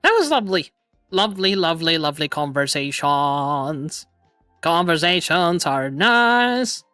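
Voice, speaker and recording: A man's voice: a little high, sing-song, unhurried, sharp tone, no room sound, faint music behind. A young man hosting a casual streamed chat, laughing often and talking playfully. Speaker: VTuber streamer host.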